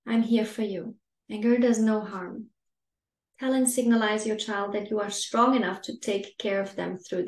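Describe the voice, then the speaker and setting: A woman parenting coach giving a masterclass talk to parents in a calm, gentle, soothing way. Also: mid-range voice. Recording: roomy echo.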